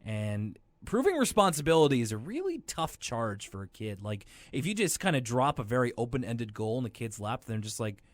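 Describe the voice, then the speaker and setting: A man co-hosting a podcast, recapping a cartoon in casual, animated chat with sarcastic asides. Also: medium pitch, normal speed, hardly any pauses, dry recording. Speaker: podcast co-host.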